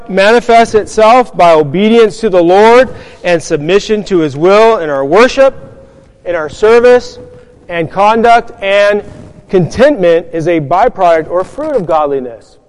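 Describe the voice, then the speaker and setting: A man's voice: high voice, animated, a little slow, big-room sound, low-quality recording. A man preaching a sermon, earnest and emphatic, putting rhetorical questions to his congregation.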